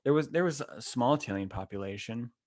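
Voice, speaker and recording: A man's voice: medium pitch, brisk. A young man hosts his podcast alone, telling a long story in a loose, slangy way. He rambles and gets worked up as he goes, with a voice that sits in an ordinary middle range for a man. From Western New York. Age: 20s. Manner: animated, rambling, slangy and excitable. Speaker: podcast host. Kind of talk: casual solo podcast storytelling. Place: temporary room, not his usual setup.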